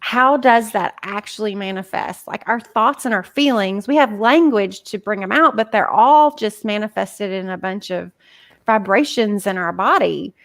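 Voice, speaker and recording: A woman's voice: mid-range voice, normal speed, no echo. A woman talking casually on a podcast as a guest coach, chatty and full of filler words. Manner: chatty, many "like" fillers, acts out inner voices.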